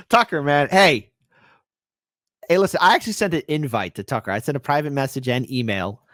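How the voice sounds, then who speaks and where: A man hosting a livestream commentary show, talking in a lively, swooping voice that keeps jumping up and down. His delivery is animated and punctuated by exclamations. The sound is dry and close, with no room around it. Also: medium pitch, very fast, dry recording.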